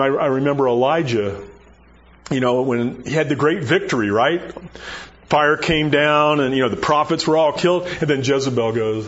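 A man preaching a sermon in a conversational, animated way, acting out Bible dialogue as he goes. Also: a little high, muffled recording.

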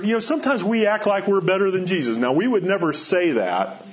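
Male preacher, slightly high voice, earnest and repetitive delivery, dull lo-fi recording. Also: lively intonation, brisk. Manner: earnest, repeats key phrases, rises and drops in pitch for emphasis. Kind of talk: sermon. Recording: dull lo-fi sound.

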